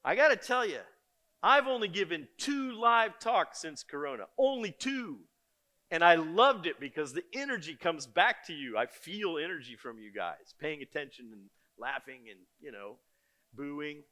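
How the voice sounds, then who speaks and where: An older man giving a conference keynote, telling stories in a lively, joking and blunt way. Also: on the high side, normal speed. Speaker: keynote speaker. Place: conference stage before an audience.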